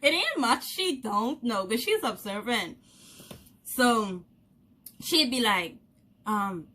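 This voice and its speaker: A young Bahamian woman vlogger telling a story to camera in a casual, animated way, laughing often and acting out the voices of the people she quotes. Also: medium pitch, slow pace.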